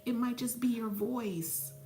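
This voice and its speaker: In an echoey room with faint music playing, a spiritual mentor and psychic medium speaks unhurriedly in a fairly high, dark voice with fairly even intonation. Her motivational talk is blunt, profane and preachy.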